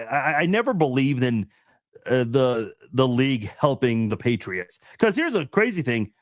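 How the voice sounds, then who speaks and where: A man's voice: medium pitch, dry recording. Regular guy hosting a chill livestream, rambly, laughs a lot, lots of uhs, dry close sound. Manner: rambling, laid-back, laughs often, many fillers and restarts. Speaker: live-stream host answering chat. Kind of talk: casual live-stream chat.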